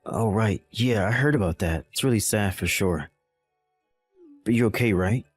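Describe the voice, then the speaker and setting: A man's voice: lowish voice, normal speed, soft background music, natural voice. A man voicing a callous young husband in a text-message drama, irritated and condescending. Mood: dismissive.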